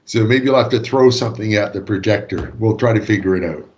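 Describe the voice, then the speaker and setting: A man's voice: fairly low pitch, fast talker, darkish tone, dull audio. A man with a Canadian accent giving a joking, easygoing guest lecture over a video call. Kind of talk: casual remote lecture.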